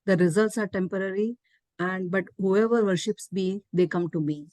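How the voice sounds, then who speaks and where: A woman recaps the previous week's lesson in a careful, measured way. Her voice sits at a middle pitch and sounds dry and close. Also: a little mellow, dry recording. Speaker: class participant.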